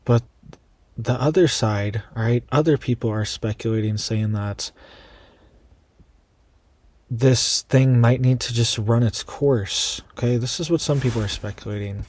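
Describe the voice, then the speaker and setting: A man's voice: mid-range voice, a little slow, a little mellow, dry recording. A man hosting an online news commentary channel, reading out quoted reports and adding casual asides to his viewers.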